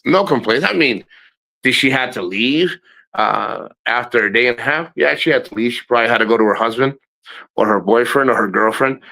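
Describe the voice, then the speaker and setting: A man's voice: medium pitch, vocal fry, sharp tone, poor audio. A middle-aged man rambling casually in a travel vlog, blunt and profane, laughing often. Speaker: travel vlogger.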